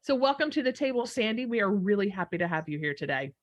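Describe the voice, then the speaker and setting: Woman host, easygoing and playful, mid-pitch chatty voice. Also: big pitch swings, fast talker, muffled recording. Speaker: podcast host. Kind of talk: casual chat.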